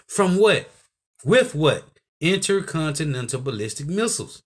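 Emphatic high-voiced man preaching. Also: animated, unhurried, husky. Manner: emphatic, keeps adding "man" and "right?". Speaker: bible teacher. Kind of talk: preaching commentary.

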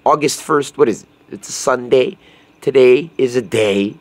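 A man's voice: medium pitch, moderate pace, no room sound. A young man, just woken up, rambling crudely and jokily in a casual vlog monologue, swearing often.

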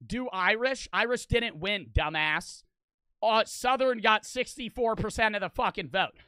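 A male streamer chats casually and with plenty of swearing to his viewers, reading out donations at an unhurried pace. His voice is high, bright and clear, recorded dry and close without room echo.

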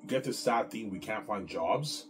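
A man with a very deep voice chats casually to his audience. He rambles with excitement, often stumbling and repeating words. Clear music plays underneath. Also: moderate pace. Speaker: vlogger. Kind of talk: casual chat.

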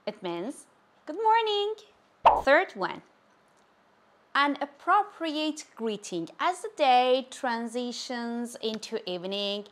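A woman giving a language lesson, saying each phrase slowly and repeating it with care. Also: a little high, fairly bright tone. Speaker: language teacher. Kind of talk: slow, clear language lesson.

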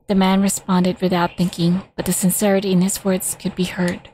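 A woman reading a game's story aloud at a measured pace, now and then stumbling or adding casual asides. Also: fairly low pitch, completely flat delivery, mellow, slight background noise, low-quality recording. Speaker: reader of game story.

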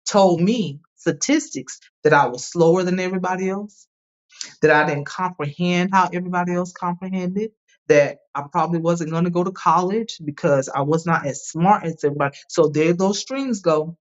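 A woman's voice: lowish voice, moderate pace. Emphatic woman telling her story. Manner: emphatic, animated, repeats "like" and "right?". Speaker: podcast guest. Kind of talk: candid personal storytelling. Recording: dull lo-fi sound.

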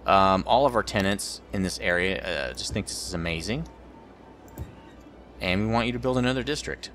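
A man's voice: low voice, lively intonation, normal speed, a bit bright, soft background music. A man rambling through let's play commentary as the host of a gaming channel, joking about his own mistakes.

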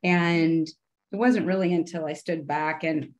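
A chatty middle-aged woman, a television showrunner who became an artist, tells stories as a guest in a casual podcast interview. She speaks a little slowly and animatedly, acting out her own past dialogue in a higher voice.

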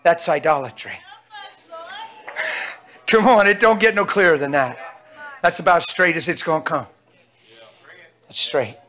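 High bright-voiced preacher calling out. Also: male voice, measured pace, pauses often. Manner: emphatic, calls out to the audience, folksy. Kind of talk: sermon.

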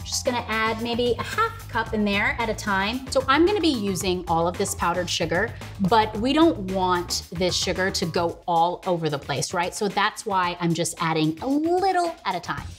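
A woman's voice: medium pitch, lively intonation, moderate pace, few pauses, faint music behind. A woman hosting a casual cooking tutorial in her home kitchen, chatting straight to viewers and laughing often. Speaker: host.

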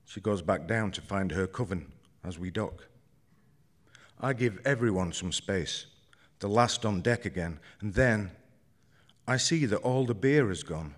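Male author reading live, slow and measured, low voice, understated. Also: expressive. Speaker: author reading his story. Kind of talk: live reading of first-person fiction. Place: theater stage at a live event.

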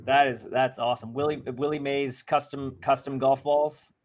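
Halting male interview host. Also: mid-range voice, steady tone, a little hiss or hum. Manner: halting, many restarts, brief affirmations. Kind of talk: casual interview questions.

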